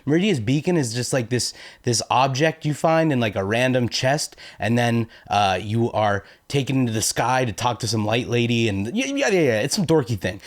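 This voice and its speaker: A man with an American accent talks casually to his audience, reading comments and riffing on them. His voice sits at a middle pitch, and his delivery rambles, full of fillers and little jokes at his own expense. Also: expressive, normal speed, few pauses. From United States. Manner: self-deprecating, rambling with many fillers. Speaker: YouTube host.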